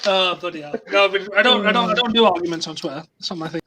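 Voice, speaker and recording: A man's voice: high-pitched, fast talker, crowd noise. A man on a casual football chat over a video call, playful, teasing and stubborn in his opinions. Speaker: youth football coach and podcast panelist.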